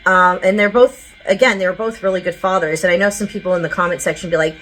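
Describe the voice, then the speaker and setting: A woman's voice: lowish voice, steady tone, fast, fairly bright tone, a little hiss or hum, poor audio. A woman giving a casual psychic channeling reading to her viewers, chatty and rambling with lots of filler words and side notes.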